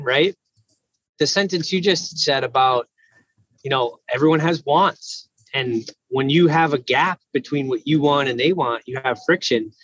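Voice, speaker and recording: A man's voice: on the high side, a bit bright, slightly rough, muffled recording. A man in casual conversation, talking earnestly and thoughtfully with lots of "like" fillers. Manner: earnest, reflective, many "like" fillers.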